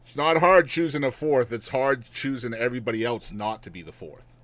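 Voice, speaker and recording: A man's voice: medium pitch, brisk, a bit bright. A man hosting a casual interview podcast, his voice sitting in a middle register. He sounds upbeat and encouraging as he reacts to his guest and introduces segments. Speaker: podcast host.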